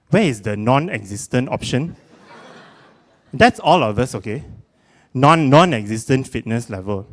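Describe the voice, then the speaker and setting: Speaking in a medium pitch, a young Singaporean-accented man pokes fun at himself in an animated comic spoken-word piece, full of exclamations.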